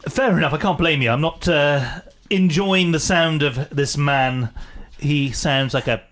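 A man's voice: fairly high pitch, measured pace, a bit bright. A man, a comedy radio host who drops dry, wry remarks. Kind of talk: casual comedic chat.

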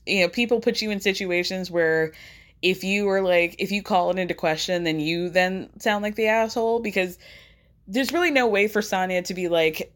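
Woman podcast host, casual recap chat, chatty, laughs a lot, mid-pitched voice. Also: moderate pace. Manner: chatty, laughs often, animated.

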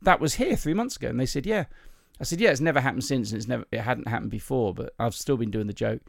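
A man tells comic stories from his stand-up life, stopping and restarting with ums as he goes. His voice has a gravelly fry to it. The sound is dry and close, with no room in it. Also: mid-range voice, no echo. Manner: chatty anecdotal storyteller, self-mocking, halting with ums. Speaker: comedian and podcast host. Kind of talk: casual storytelling chat.

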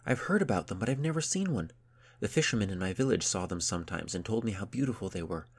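A man voicing an excitable, playful young girl who eagerly teaches words to a friend. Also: low voice, fast, gravelly, exaggerated voice. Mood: excited. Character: lively excitable young English girl sailor.

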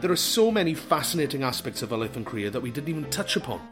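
A man's voice: mid-range voice, sing-song, very fast, music in the background. A man co-hosting a podcast, chatting with a guest and wrapping up the show over a call. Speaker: podcast co-host. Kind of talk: casual podcast chat.

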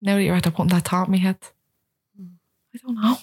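A woman's voice: on the low side, brisk, breathy edge. A woman around thirty, a guest chatting casually and animatedly, often acting out what other people said. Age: about 30. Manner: animated, acts out quoted voices. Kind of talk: casual chat.

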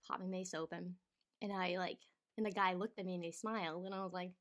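A woman's voice: on the low side, little pitch movement, fairly quick. A woman guest on a podcast, chatting casually and trading teasing jokes with the host. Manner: joking, teasing banter. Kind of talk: casual chat.

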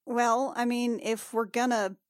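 A woman's voice: a little high, steady tone, a little slow, dry recording, clean studio sound. A woman playing a character in a tabletop game, chatty and filler-heavy. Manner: chatty, lots of "like" and "I mean". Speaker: player. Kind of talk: casual tabletop play.

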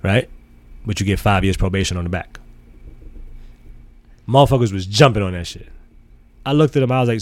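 Middle-aged guy from the bronx, deep voice, talks quick and curses a lot telling stories. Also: no echo. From the Bronx, New York. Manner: profane, animated storyteller. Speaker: podcast guest, sneaker collector. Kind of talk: casual storytelling in an interview.

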